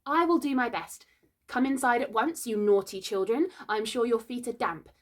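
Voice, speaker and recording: A woman's voice: on the high side, moderate pace, voice pushed up, natural voice. A woman reading a storybook aloud and voicing a prim, earnest little girl who plays at being a mother.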